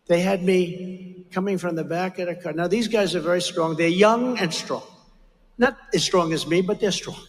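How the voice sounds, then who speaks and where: An older man with a fairly high voice for a man, speaking at a campaign rally in a rambling, repetitive way and leaning hard on key words. His voice rings out with the long reverb of a big rally hall. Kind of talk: rally speech. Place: large campaign rally venue.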